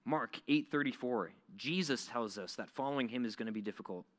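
Male youth pastor, casual animated delivery, reverberant hall sound. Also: mid-range voice, brisk. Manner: conversational, animated, many "like" fillers. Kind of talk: youth sermon.

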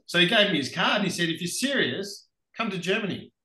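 A man's voice: high voice, a little fast. Australian man telling racing stories. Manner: animated anecdotes, laughs often. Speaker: podcast guest, racing driver. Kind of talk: casual storytelling interview. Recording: roomy echoey room.

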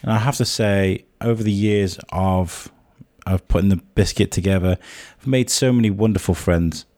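A man hosting a podcast, husky and a bit hoarse from a cold, introducing the episode in a chatty, rambling way. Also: deep voice, moderate pace, a little mellow, dry recording, studio quality. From England. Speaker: podcast host.

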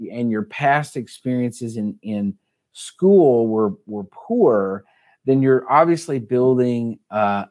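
A man's voice: on the low side, darkish tone. A man giving advice as a podcast guest, talking casually and explaining step by step, often rephrasing himself as he goes. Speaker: guest admissions advisor.

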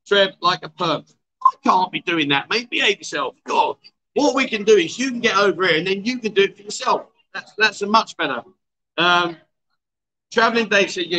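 A man's voice: high-pitched, bright, forceful tone, rough recording. A man hosting a casual livestream chat show at a bar, teasing and coaxing his guests. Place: outdoor bar.

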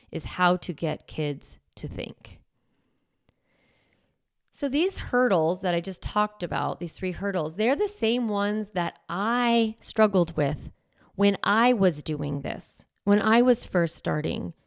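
Speaking straight to the camera, this parenting coach keeps things casual and frank, voicing parents' lines and cursing from time to time. Her voice is lowish and smooth, captured cleanly in a studio with no room sound.

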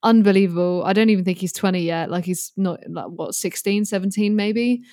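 A woman in her twenties, a guest musician chatting casually on a podcast, animated and swearing freely with plenty of fillers. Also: medium pitch, brisk, no room sound, studio quality. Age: 20s.

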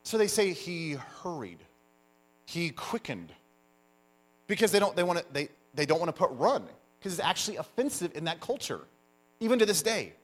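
A man preaching a sermon, telling stories with animated emphasis as the pastor. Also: high-pitched, fast talker. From United States. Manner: animated storyteller, lively emphasis.

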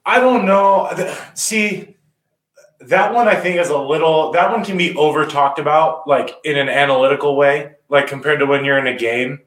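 A man and former rugby captain, breaking down rugby play in casual podcast talk and acting out players' voices with energy. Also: a little high. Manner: animated, acts out players' talk in quick voices. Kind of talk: casual sports podcast analysis. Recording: roomy echo.

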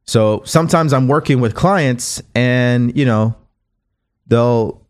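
A podcast host with a mid-range voice speaks slowly, giving a conversational motivational monologue as a coach, earnest and repeating phrases along the way.

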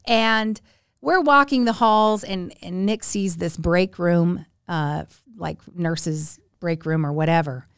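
Woman, 40s, podcast guest, animated storyteller, smooth, dry. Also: slow pace, dry recording. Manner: animated, acts out quoted voices with big pitch jumps. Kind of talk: casual storytelling.

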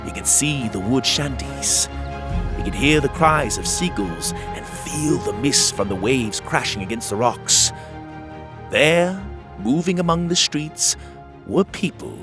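A man hosting and narrating a children's adventure story in an expressive read-aloud manner. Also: medium pitch, measured pace, over music. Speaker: storyteller and podcast host.

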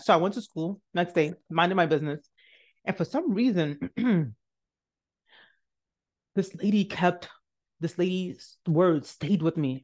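A woman's voice: sits low, measured pace, pauses often, a little mellow. Earnest woman telling a personal story. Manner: emotional, repetitive, earnest. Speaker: podcast host.

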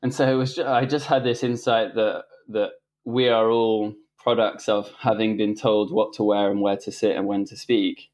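Middle-aged guy, lowish voice, guest on a chat show, rambly storytelling w lots of restarts. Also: level tone, moderate pace, hardly any pauses, darkish tone. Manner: rambling, frequent restarts and fillers, laughs while telling stories. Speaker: interview guest. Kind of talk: casual storytelling conversation.

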